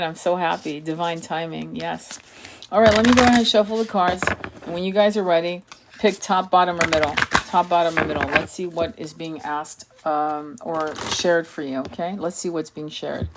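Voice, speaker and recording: A woman's voice: on the low side, background noise. A woman hosting a live tarot reading, gushing over viewers' comments and reading cards aloud in an effusive manner. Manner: effusive, gushing, repeats "beautiful". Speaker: tarot reader and spiritual guide hosting a live session. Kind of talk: live-stream tarot reading with chat replies.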